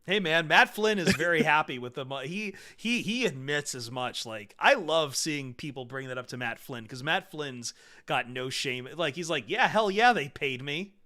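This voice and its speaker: A man with a bright, sharp tone and a slightly high voice jokes through a sports podcast. He is playful and excitable, jumping into loud bursts. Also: normal speed. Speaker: podcast co-host. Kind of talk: casual sports chat.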